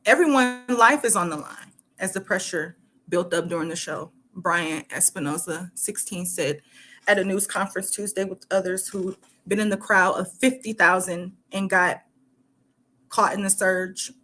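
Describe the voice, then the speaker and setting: A woman's voice: mid-range voice, pushed and bright, slight background noise. A woman from Michigan reads a news article aloud for her channel, stopping often to comment. Her talk is loose and chatty, full of "like" and "you know.". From Michigan, United States. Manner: halting reading broken by chatty asides full of "like". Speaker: host.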